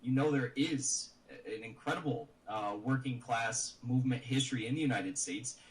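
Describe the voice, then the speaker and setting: A man's voice: medium pitch, normal speed. Earnest man in a distant clip. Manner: earnest, lecturing. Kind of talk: political commentary. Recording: distant clip with faint noise.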